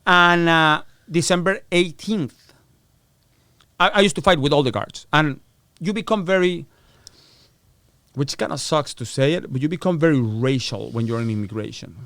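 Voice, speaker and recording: With a slightly high, somewhat bright voice at normal speed, this middle-aged man from the United States is a podcast guest. He spins profane, animated stories, impersonating the people he quotes, captured in clean studio sound without echo.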